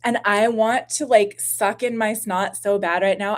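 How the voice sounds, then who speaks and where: A woman in her thirties chatting on a home live stream, her voice sitting at an ordinary middle pitch. She rambles through viewer questions with fillers and self-mocking asides. A slight stuffiness from postnasal drip colours her talk. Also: little pitch movement, a little slow, few pauses. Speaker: YouTube channel host.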